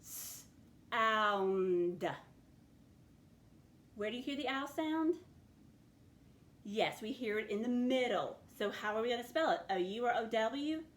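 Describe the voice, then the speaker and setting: A woman's voice: fairly high pitch, expressive, normal speed. A woman teaching a phonics lesson to children, patiently sounding out words letter by letter.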